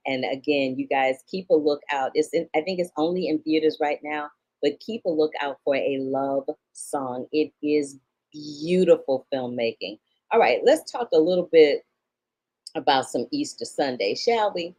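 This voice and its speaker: A woman's voice: low voice, darkish tone, rough recording. A woman from St. Louis, Missouri, hosting a casual film review podcast, talking emphatically with slangy asides to her listeners. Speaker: film critic and podcast host.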